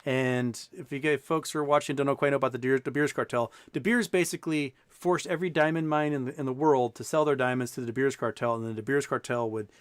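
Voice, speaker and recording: A man's voice: medium pitch, fairly even intonation, quick pace, hardly any pauses, clean tone, no echo. A man hosting a podcast, telling a long story in casual chat and acting out the people in it, with many restarts. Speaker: podcast host.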